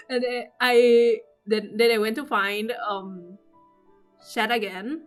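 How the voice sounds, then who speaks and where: A woman recapping her game pulls in casual commentary, excitable and swearing, acting out her own squeals. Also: on the high side, moderate pace, soft background music. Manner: trails off with fillers and restarts. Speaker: gaming vlogger. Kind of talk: casual gaming commentary over gameplay.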